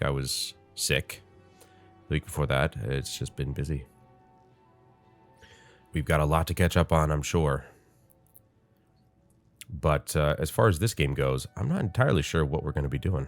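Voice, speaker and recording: Very deep-voiced, congested male game host. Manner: rambling, chatty, thinks aloud with many fillers. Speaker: gaming channel host. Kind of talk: casual gameplay commentary.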